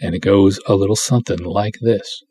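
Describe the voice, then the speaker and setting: A man with a low, slightly husky voice reads a pulp story aloud for his show. His delivery is playful and theatrical, leaning into the drama of the text. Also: fairly even intonation, brisk, warm tone. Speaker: podcast host reading a serial.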